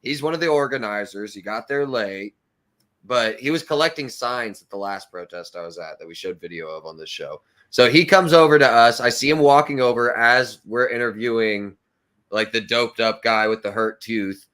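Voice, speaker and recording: A man's voice: mid-range voice, normal speed, fairly bright tone. A young man co-hosting a casual podcast, retelling a story in a mocking tone and laughing often. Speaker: co-host.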